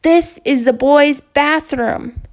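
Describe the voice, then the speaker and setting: A wounded, defiant little schoolboy, voiced by a woman. He shouts slow, stretched-out words in a raised, childish voice with a gravelly edge to it. The sound comes from a storybook reading. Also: on the high side, close to an everyday voice. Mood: angry. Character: upset defiant young schoolboy.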